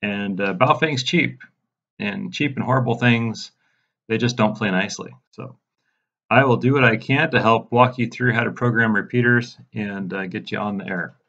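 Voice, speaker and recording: A man giving a casual step-by-step software tutorial, walking viewers through settings in a mildly exasperated way. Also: lowish voice, normal speed, lo-fi sound. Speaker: radio programming instructor. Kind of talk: screen-recorded software tutorial.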